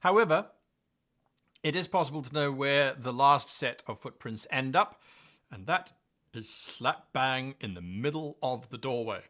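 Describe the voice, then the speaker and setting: A man's voice: medium pitch, lively intonation, a little slow, pushed and bright. A man running a tabletop game as game master, narrating scenes with playful drama.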